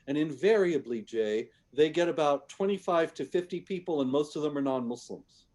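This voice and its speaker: A man's voice: on the high side, expressive, normal speed, darkish tone. A man speaking as a guest in a conversation, making his case emphatically with frequent restarts. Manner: emphatic, repeats words on restarts. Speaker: guest commentator. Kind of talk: conversational argument.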